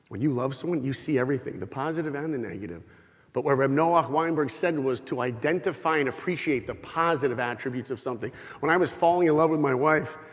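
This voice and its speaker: A middle-aged man speaking to an audience in a large hall, his voice carried on a long, ringing reverb. He tells stories with humor and animation, slipping into little acted-out exchanges. His voice sits a bit on the higher side for a man. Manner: animated, humorous, acts out dialogue. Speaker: speaker giving an inspirational talk. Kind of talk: lively storytelling talk to a live audience.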